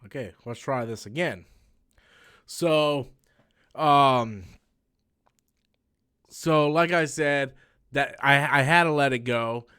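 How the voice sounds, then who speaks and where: A young man with a drawl chats loosely on a live stream. His voice is smooth and clean, at a middle pitch, and he rambles through a story with lots of "um" and "like.". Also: slow pace, pauses often, pushed and bright. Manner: rambling storytelling with many fillers and restarts. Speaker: comics channel host. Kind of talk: casual live-stream chat.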